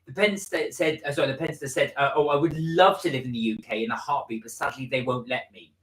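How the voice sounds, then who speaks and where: A man's voice: mid-range voice, fast. Male co-host from the West Country, mid-range voice, stop-start delivery in a live chat, echoey room. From West Country, England. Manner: hesitant, full of ums and uhs. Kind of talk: casual live-stream chat.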